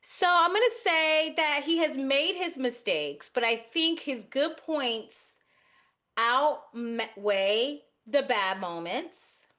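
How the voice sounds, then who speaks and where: A woman's voice: high voice, expressive, slow, pushed and bright. Bold joking woman podcast co-host. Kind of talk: casual podcast debate.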